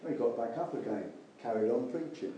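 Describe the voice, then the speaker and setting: A man's voice: medium pitch, expressive, a little fast, mellow, slight background noise. An older man, preaching an earnest sermon that rambles with restarts and asides. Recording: echoey room with faint ambience.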